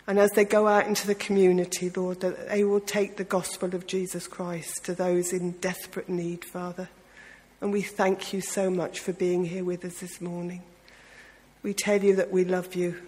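Man praying out loud, high voice, pretty flat, echoey church. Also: moderate pace. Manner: prayer phrases punctuated by "Lord" and "Father". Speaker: prayer leader. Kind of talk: spoken prayer. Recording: long reverb of a church hall.

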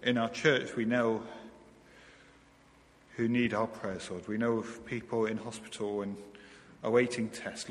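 A man leading a slow, gentle spoken prayer in church as minister, often repeating "Lord". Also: mid-range voice. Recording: hall reverb.

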